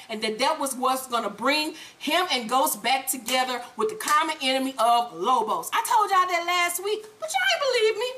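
High bright profane woman recapping TV. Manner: animated, profane, acts out characters. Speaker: TV recap host. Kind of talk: casual profane episode recap.

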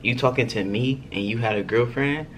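A man's voice: medium pitch, normal speed, fairly bright tone, a little hiss or hum. A young man vlogging a text prank, chatting casually and playfully to his viewers, laughing often. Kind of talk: casual talk to camera.

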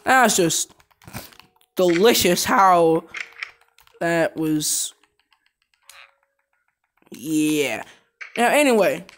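A woman commentating her own gameplay in an unhurried, drawn-out way, her pitch swinging widely as she gets excited. She breaks into shouts and laughter often. A faint noise sits under her voice. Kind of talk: let's play commentary.

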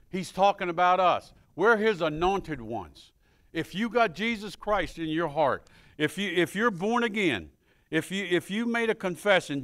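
A man's voice: fairly high pitch, animated, moderate pace, fairly bright tone. A man preaching a sermon as pastor, quoting scripture and building to fervent, emphatic peaks.

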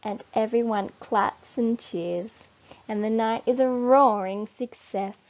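A woman reading a children's picture book aloud in an expressive storytelling manner. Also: a little high, slow pace. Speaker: storybook reader. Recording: dull lo-fi recording.

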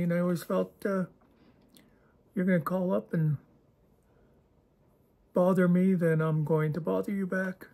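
A man's voice: high voice, mellow. A man hosting his own channel, talking in a casual, digressive monologue with a wry, self-deprecating humor. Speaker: channel host.

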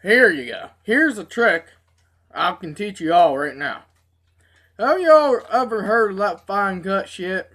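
A woman telling profane, animated stories in a casual review video. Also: medium pitch, measured pace. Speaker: tobacco dip reviewer. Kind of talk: casual storytelling.

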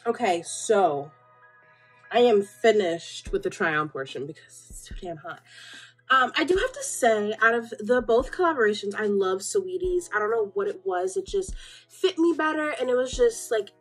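A woman's voice: medium pitch, moderate pace, breathy edge, soft background music, poor audio. A young woman vlogger chatting through a clothing try-on haul, sassy and blunt, hot and a little out of breath. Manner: sassy, blunt and animated, calls viewers sweetie. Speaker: fashion vlogger.

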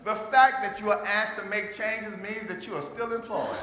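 A man giving a lively motivational speech to a live audience, drawing call-and-response from the crowd and acting out quoted voices. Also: sits high, moderate pace, background noise. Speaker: motivational speaker. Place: large hall before an audience. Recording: echoey hall with long reverb.

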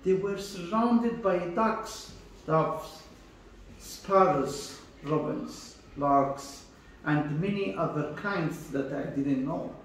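Man slowly stumbling through a kids story, fairly high voice, echoey far off. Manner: halting reading with restarts. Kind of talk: reading a story aloud. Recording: echoey hall from far off, faint noise.

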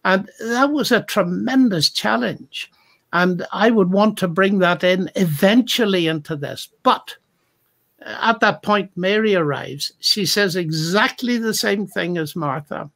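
A man's voice: sits high, a little slow, vocal fry, a bit bright. A man speaking as a Christian apologist in a thoughtful discussion, reflective and retelling stories with acted-out quotes.

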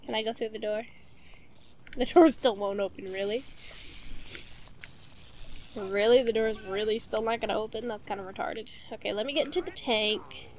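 A woman's voice: medium pitch, normal speed, long pauses, a little mellow, a little hiss or hum. A woman hosting a let's play, giving casual gameplay commentary and talking back to the game, repeating her pleas and commands over and over.

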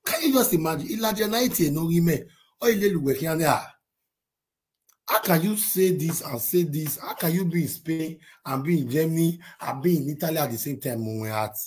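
Animated Nigerian man commenting. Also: a little high, a little fast. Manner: animated, switching between Pidgin and Yoruba, laughing often. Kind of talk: casual commentary.

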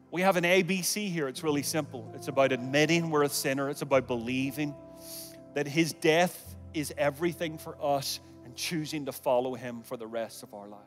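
A man preaching a sermon and leading an altar call, swinging from loud calls to hushed near-whispers, with humorous asides. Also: fairly high pitch, normal speed, long reverb tail, soft background music. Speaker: guest preacher. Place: large church auditorium.

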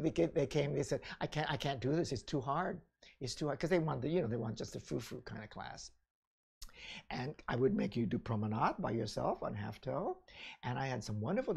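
An older man telling his memories in a loose, conversational flow, checking in with the listener as he goes. His voice is gravelly and husky, with a breathy edge. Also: mid-range voice, darkish tone. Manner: chatty, rambling, frequent "you know" and "all right?". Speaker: ballet teacher recounting his career. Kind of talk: casual memoir talk.

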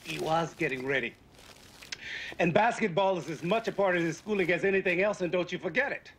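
A man's voice: high-pitched, fairly quick, a little hiss or hum. An actor playing a pushy, insistent father who is set on his son's basketball, in a 1970s TV drama. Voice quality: loud, insistent.

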